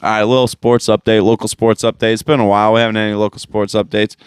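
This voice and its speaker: A man hosts a podcast in a slangy, loose and profane chat, talking straight into a podcast microphone. His voice sits fairly low and comes through smooth and clean. The sound is close and dry. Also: flat delivery, quick pace, dry recording. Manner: laid-back and profane, full of slang and fillers. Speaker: podcast host. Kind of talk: casual chat.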